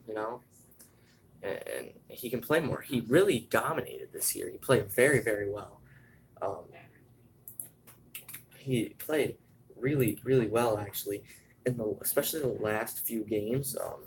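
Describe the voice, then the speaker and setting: A young man hosting live commentary on a sports draft, talking in a halting way with many fillers and restarts. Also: mid-range voice, a little hiss or hum, low-quality recording. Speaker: host.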